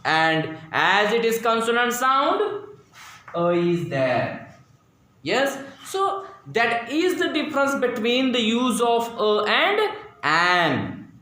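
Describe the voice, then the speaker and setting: A male school teacher with an Indian English accent giving a slow, repetitive grammar lesson in a classroom, drilling pronunciation aloud. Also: very high voice, very animated, sharp tone. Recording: echoey classroom, very roomy.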